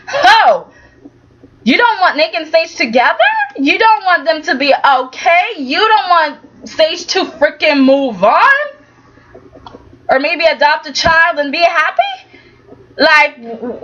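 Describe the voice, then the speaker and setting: A woman with a high, bright voice gives a chatty, sassy soap recap at an unhurried pace. The recording is slightly muffled and lo-fi. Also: lively intonation. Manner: chatty and sassy, acts out characters' lines. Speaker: soap opera recap vlogger. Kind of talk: casual recap commentary.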